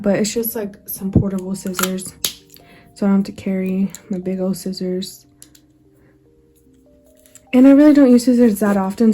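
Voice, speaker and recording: A young woman rambles casually through a show-and-tell home vlog about journaling, a bit out of breath and sprinkling in ums and little laughs. Her voice is medium-pitched and mellow, with slight background noise.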